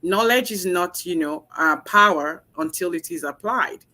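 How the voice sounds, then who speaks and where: A woman's voice: fairly low pitch, animated, normal speed, pushed and bright. A woman hosting a group talk, upbeat, passing the floor to speakers and summing up. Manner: upbeat, hands over the floor, sums up. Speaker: host.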